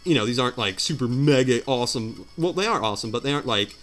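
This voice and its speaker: A man's voice: mid-range voice, animated, fast talker, fairly bright tone, soft background music. Rambling, self-mocking young-sounding man. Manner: self-deprecating, hesitant, many fillers. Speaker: let's play commentator. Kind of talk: rambling casual chat. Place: home room.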